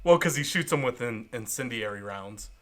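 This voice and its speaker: A man's voice: medium pitch, lively intonation, moderate pace. A man co-hosting a podcast, chiming in with wry, sarcastic jokes during a casual comic book chat. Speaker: podcast co-host.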